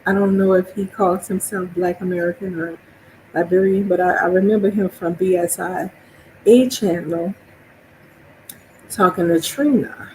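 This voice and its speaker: A woman's voice: lowish voice, fairly even intonation, normal speed, darkish tone, a little hiss or hum, low-quality recording. A woman from New Orleans with a New Orleans accent, streaming a casual monologue, chatty and laughing often as she acts out her own reactions.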